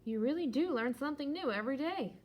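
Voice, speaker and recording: Storybook elephant, nervous and cautious, read by a woman; lively high voice. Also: fast. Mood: puzzled. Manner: worried, fretful, rises to loud alarm. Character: anxious cautious male elephant. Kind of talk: children's storybook read-aloud.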